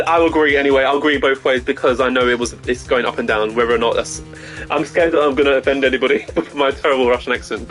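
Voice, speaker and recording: A man's voice: mid-range voice, fairly bright tone, rough recording. A man live-streaming gameplay, chatting to his viewers in a giggly, self-mocking way.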